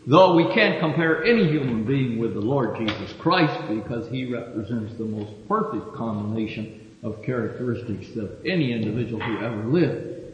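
A man's voice: medium pitch, slight background noise. Man preaching in an echoey hall. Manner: reads Scripture with rising emphasis, lectures with fillers. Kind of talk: sermon with Scripture reading. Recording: echoey hall, dull lo-fi sound.

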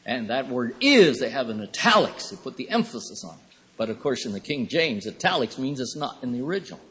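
A man giving a Bible lecture in a thoughtful, rambling way, with pauses and fillers. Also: medium pitch, big pitch swings, a bit bright, husky. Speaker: Bible teacher. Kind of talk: classroom lecture. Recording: reverberant hall recording.

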